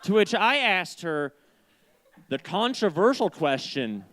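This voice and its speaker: A man's voice: high-pitched, big pitch swings, slow, fairly bright tone. Rambling young man doing stand-up. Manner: rambling, self-deprecating, digressive. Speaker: stand-up comedian. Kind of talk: stand-up storytelling. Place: small community stage.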